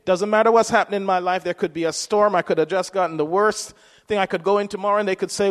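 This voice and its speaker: A man with a high voice delivers a sermon in a relaxed, conversational way. He keeps asking his listeners questions as he goes. His voice rings with a long reverb, as if it were recorded in a hall. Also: fast talker. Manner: conversational preaching, rhetorical questions. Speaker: preacher.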